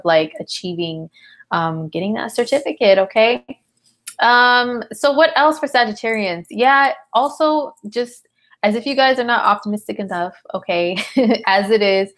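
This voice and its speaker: A tired woman hosting a casual live astrology chat, talking in a slangy, chatty way and answering viewer comments. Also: mid-range voice. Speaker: astrologer host.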